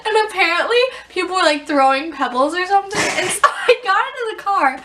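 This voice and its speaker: A young woman vlogging, telling embarrassing stories in a giggly, animated way and acting out the scenes. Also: extremely high pitch, fairly quick, background noise. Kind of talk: casual storytelling vlog.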